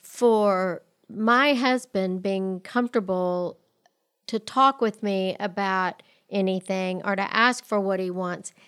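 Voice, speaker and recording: A woman's voice: medium pitch, slow, fairly bright tone, smooth. A middle-aged woman, a guest counselor chatting on a podcast and laughing often. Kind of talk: casual podcast conversation.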